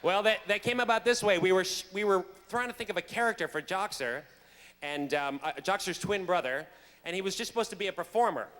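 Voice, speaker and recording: A man telling a funny backstage story to a convention audience, laughing often and tripping over his words. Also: high voice. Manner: animated, laughing, stumbling restarts. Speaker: convention guest actor. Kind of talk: casual on-stage storytelling. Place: convention hall stage. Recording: reverberant hall with faint crowd noise.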